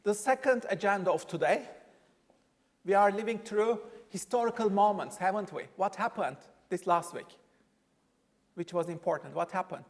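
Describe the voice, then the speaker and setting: A man's voice: high-pitched, normal speed, in a large hall. A man giving a workshop lecture, quizzing his audience and stressing key points. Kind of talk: classroom lecture.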